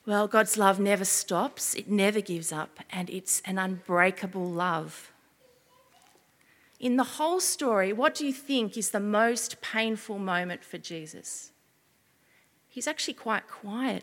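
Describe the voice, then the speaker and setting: Woman preaching in a reverberant hall. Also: mid-range voice. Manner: expressive, asks the listeners questions. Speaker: preacher giving a children's talk. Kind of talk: children's sermon.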